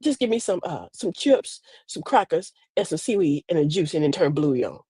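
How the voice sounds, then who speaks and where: A woman's voice: deep voice, big pitch swings, normal speed, mellow, husky, no room sound, studio quality, voice pushed down, full character voice. A woman quoting her bossy four-year-old granddaughter, who demands snacks in a matter-of-fact way.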